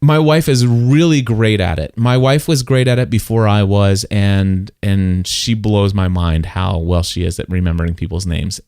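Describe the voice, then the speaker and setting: A middle-aged man with a fairly low voice hosts a casual podcast chat. He tells stories and turns lively when he quotes people. The sound is dry and close. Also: moderate pace, few pauses, smooth, dry recording. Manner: storytelling, animated when quoting people. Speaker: podcast host.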